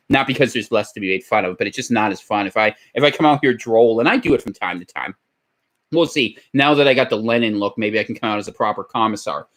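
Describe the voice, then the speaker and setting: A man's voice: mid-range voice, a bit bright. A man hosting his own podcast, talking casually and candidly in a rambling, tired way. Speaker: podcast host. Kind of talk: casual solo podcast monologue.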